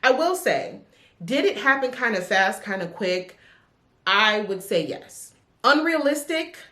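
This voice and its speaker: A woman chatting casually about books she has read, sassy and animated, with big swings in her voice. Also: on the high side, unhurried. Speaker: book vlogger. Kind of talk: casual book review chat. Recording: echoey room.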